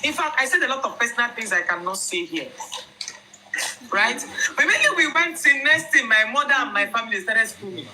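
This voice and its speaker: A young Nigerian woman with a Nigerian accent telling viewers her own story in an emphatic, animated way. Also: on the high side, fairly quick, rough recording. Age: young adult.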